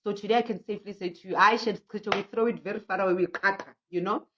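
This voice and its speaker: South African healer telling stories, muffled. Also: female voice, mid-range voice, quick pace, background noise. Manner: animated storytelling, reads out viewer comments; frequent laughter and restarts. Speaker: traditional healer hosting a prayer session. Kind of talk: livestream talk. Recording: muffled lo-fi audio.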